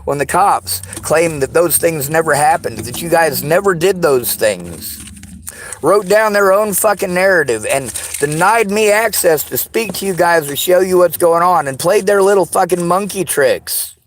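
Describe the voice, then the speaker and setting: A man in an angry personal vlog rant. He talks in a bitter, accusing way, swears constantly and often shouts. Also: a little high, animated, normal speed, a little hiss or hum. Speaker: vlogger.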